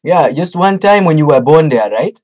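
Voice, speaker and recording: A blunt Nigerian man on the phone, as a man puts him on, pushy and preachy, repeating himself as he lectures. His voice sits a little high for a man. The put-on Nigerian accent carries every word. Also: expressive, moderate pace, a little mellow, low-quality recording. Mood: probing. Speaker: scambaiter. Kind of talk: prank phone call.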